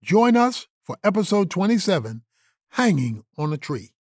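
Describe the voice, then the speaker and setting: A man's voice: high-pitched, sing-song, normal speed. A man giving an earnest scripted introduction to an episode of an audio drama series. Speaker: show host introducing the episode.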